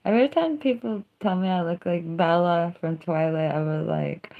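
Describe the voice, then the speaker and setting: A woman's voice: on the low side, moderate pace, gravelly, few pauses, highs cut off. A young woman hosting a casual livestream, chatting in a drawling, sardonic way that mixes jokes with confessions. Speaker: livestream host.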